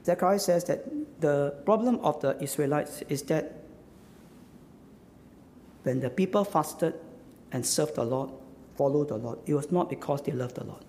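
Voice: medium pitch, normal speed, pauses often, dark tone, long reverb tail, a little hiss or hum. A preacher giving a sermon, emphatic and full of repeated rhetorical questions, tagging points with "huh?". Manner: repeats phrases and tags lines with "huh?".

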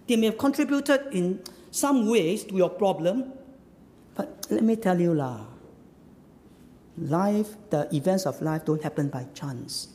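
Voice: mid-range voice, lively intonation, unhurried, dark tone, in a large hall. A preacher giving a sermon, emphatic and full of repeated rhetorical questions, tagging points with "huh?". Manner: repeats phrases and tags lines with "huh?".

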